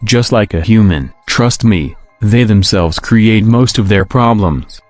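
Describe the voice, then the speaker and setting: A man's voice: lowish voice, a little slow, no echo, faint music behind, natural voice. A man voicing a wry, teasing male grasshopper in a storybook. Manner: deadpan, teasing.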